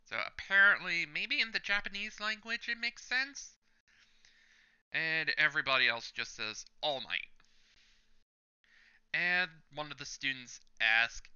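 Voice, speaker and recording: A man's voice: medium pitch, unhurried, clean tone, highs cut off. A man hosting a reaction channel, reading a manga chapter aloud panel by panel with his own commentary and chuckling at the jokes. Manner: narrates panel by panel, reading lines out loud.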